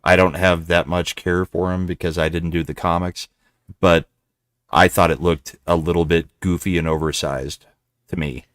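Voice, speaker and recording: A man with a low voice gives his take on a film and cuts in to correct others. The sound is dry and close, with no room around it. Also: flat delivery, a bit bright, no room sound. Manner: quick to interject and disagree, dry remarks. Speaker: podcast co-host. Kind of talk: casual movie review chat.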